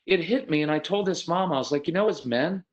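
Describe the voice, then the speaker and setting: A man with a drawl talks parents through calmer habits in a seminar. His voice sits fairly high, and he speaks in a folksy, earnest way, addressing fathers head-on. When he voices other parents, his pitch jumps sharply. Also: a little fast, lo-fi sound. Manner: animated, acts out quoted parents with sudden pitch jumps.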